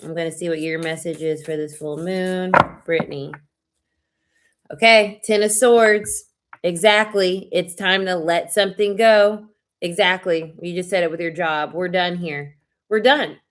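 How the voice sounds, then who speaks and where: Slow-talking emotional woman reading tarot. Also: lowish voice, fairly even intonation. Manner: emotional, heartfelt, spiritual pep-talk. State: sad, near tears. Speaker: tarot reader. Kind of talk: live-stream tarot reading.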